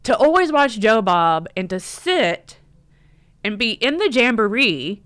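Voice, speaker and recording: A woman's voice: on the high side, sing-song, measured pace, fairly bright tone, no room sound. A middle-aged woman, hosting a casual live stream, chatty, emotional, and close to tears as she laughs. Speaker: livestream host and horror store owner.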